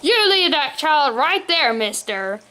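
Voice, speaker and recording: A woman's voice: a little high, big pitch swings, measured pace, pushed and bright, slight background noise, heavily acted. A woman reading a storybook aloud and voicing a cranky middle-aged man who has been turned into a talking swan. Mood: grumpy. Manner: cranky, complaining.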